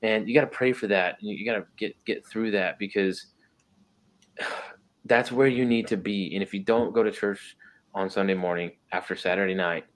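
A man with a fairly low voice talks through a faith topic in a casual, earnest way. He often repeats and restarts his phrases and presses his points with rhetorical questions. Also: steady tone, normal speed.

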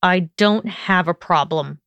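A woman voicing an arrogant young male wizard with a sneering drawl, in her own smooth voice. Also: fairly low pitch, measured pace, no room sound, highs cut off, lightly acted.

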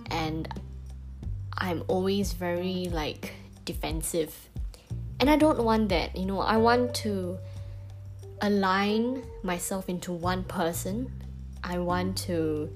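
A young Singaporean-accented woman talks straight into her phone in a loose, confessional vlog. Her speech is chatty and unpolished, full of "like" and restarts, at an ordinary mid-range pitch. Soft music sits faintly underneath. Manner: chatty, candid, many fillers and self-corrections. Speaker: vlogger. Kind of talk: casual personal monologue.

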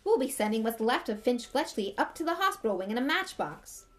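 A woman's voice: a little high, sing-song, brisk, fairly bright tone, voice pushed up. A woman voicing a malevolent male teacher with a lazy, cutting drawl in a storybook reading. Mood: sneering.

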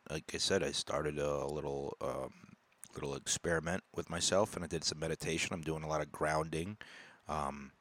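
A man hosting his own podcast in a casual, profane rant that swings between loud outbursts and low mutters. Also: no echo. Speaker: podcast host. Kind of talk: casual ranting monologue.

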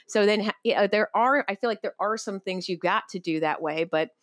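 A woman's voice: mid-range voice, a little fast, no echo, studio quality. A woman co-hosting a casual podcast, talking candidly and bluntly, with some casual swearing.

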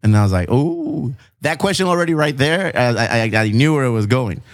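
A man's voice: mid-range voice, fairly quick, no echo, studio quality. A man hosting a casual chat, telling stories with lots of laughter and bits of Spanish. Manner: animated storyteller, laughs often, mixes in Spanish. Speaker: podcast host, bar owner.

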